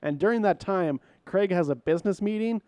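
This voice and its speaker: A man's voice: high-pitched, brisk, dark tone, clear, resonant tone, no room sound. A young man co-hosting a casual movie review podcast, laid-back as he recaps the plot with jokes. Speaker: podcast co-host.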